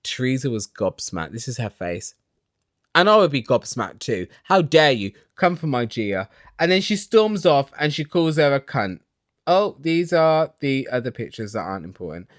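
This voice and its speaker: A man ranting excitedly while recapping reality TV in a small home studio, swearing and dramatic. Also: mid-range voice, normal speed, no echo.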